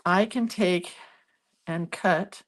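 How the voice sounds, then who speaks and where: Low-voiced congested woman crafting. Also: very slow. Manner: chatty, self-deprecating, talks while working. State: congested, sniffling. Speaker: craft video host. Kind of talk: casual crafting demo.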